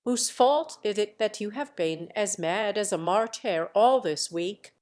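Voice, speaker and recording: A woman's voice: mid-range voice, animated, a little slow, a little mellow, lightly acted. A woman voicing a bitter young man who taunts his father with malice. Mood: sneering. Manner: sneering, malicious.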